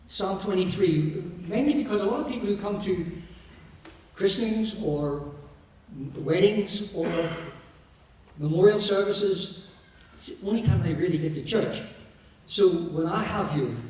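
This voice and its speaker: High-voiced minister in an echoey church. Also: male voice, a little mellow, recorded from a distance, slight background noise. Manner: explanatory with light joking asides. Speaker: minister leading a memorial service. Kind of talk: sermon.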